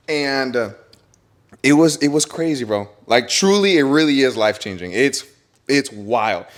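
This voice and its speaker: A young man hosting a podcast, telling an excited story in casual chat, swearing and laughing often. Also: a little high, fairly quick. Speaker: podcast host.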